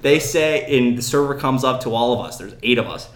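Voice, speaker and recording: A man in his early twenties telling a story in casual chat as a podcast host, animated and laughing as he acts out what people said. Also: medium pitch, fairly quick. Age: 20s.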